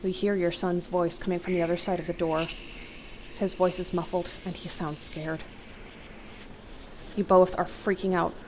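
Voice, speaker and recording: A woman's voice: fairly low pitch, flat delivery, normal speed, long pauses, a little mellow, slight background noise, low-quality recording. Young woman reading a horror story aloud. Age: young adult. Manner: dramatic reading broken by startled gasps and comments. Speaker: let's play host. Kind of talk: reading an interactive horror novel aloud with reactions.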